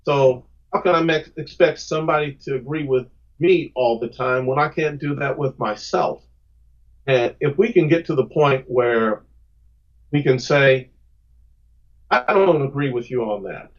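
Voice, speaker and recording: A man's voice: on the high side, muffled recording. A man answering podcast interview questions about his comics, earnest and emphatic, often repeating words as he starts a thought. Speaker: guest comic book creator.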